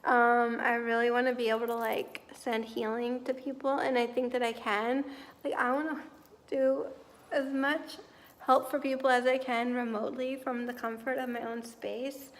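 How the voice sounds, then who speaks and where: A woman's voice: a little high, little pitch movement, normal speed. A tired young woman chatting casually at home in a rambling vlog, full of fillers. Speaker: vlogger.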